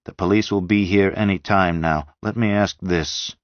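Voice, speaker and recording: A man voicing a brisk, take-charge group leader in an audiobook reading, with a clipped, businesslike manner and raised voice. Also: low voice, fairly even intonation, dry recording, close to an everyday voice. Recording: dull dry lo-fi sound.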